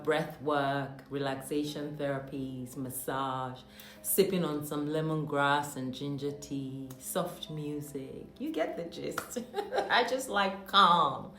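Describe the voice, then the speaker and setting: A woman from Nigeria telling a personal story in a monologue. She talks animatedly, with mock-outraged asides, and laughs often. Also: low voice. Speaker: host. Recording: echoey room with faint music.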